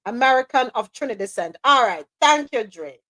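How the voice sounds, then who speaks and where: A woman with a Caribbean accent hosting a live talk show, chatting in a lively way, laughing often and slipping into patois. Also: on the high side, fairly quick, no echo. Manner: animated, laughing, slips into patois. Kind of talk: casual chat.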